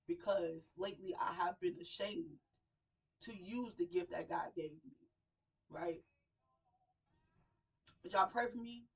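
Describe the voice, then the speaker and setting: Slow, impassioned woman preaching from afar. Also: medium pitch, creaky, husky, distant mic, low-quality recording. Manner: emotional, repetitive preaching cadence, swells and drops in volume. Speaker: radio show host. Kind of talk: impassioned sermon-style talk.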